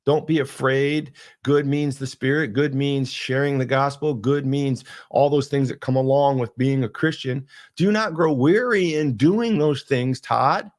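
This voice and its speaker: A man's voice: medium pitch, measured pace. A man hosting a podcast, talking earnestly and rambling through a faith monologue with frequent restarts. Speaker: podcast host.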